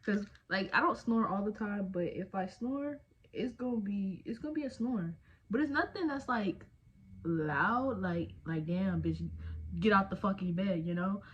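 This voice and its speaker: A woman's voice: medium pitch, animated, unhurried, lo-fi sound, slight background noise. A woman, chatting casually and jokingly at home while doing her makeup. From Texas. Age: 20s. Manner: chatty, slangy, jokey, with trailing fillers. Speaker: beauty vlogger. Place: home, indoors.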